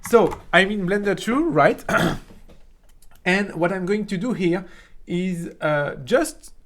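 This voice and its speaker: A young man from France with a French accent, casually teaching 3D software in a chatty way, often tagging "right?" and restarting his sentences. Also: sits high, expressive, takes it slowly. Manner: chatty, frequent "right?" tags, many restarts. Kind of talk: casual screen-recorded software tutorial.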